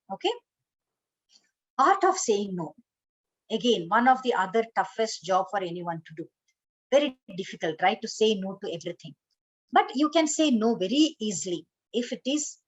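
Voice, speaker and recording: A woman's voice: fairly high pitch, dull audio. A woman teaching an online training session, instructive, often saying "okay" and "you know". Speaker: corporate trainer.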